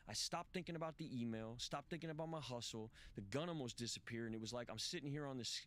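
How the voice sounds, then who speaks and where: A podcast guest tells his recovery story candidly, profane and emphatic, his restless phrasing marked by repeated restarts. His mid-range voice is fast with a fairly bright tone.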